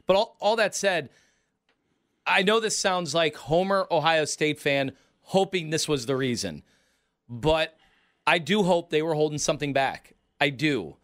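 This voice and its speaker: A man's voice: on the high side, unhurried, a bit bright. A man co-hosting a sports podcast, breaking down a game in casual chat. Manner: chatty, laughs easily, analytical. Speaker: podcast co-host.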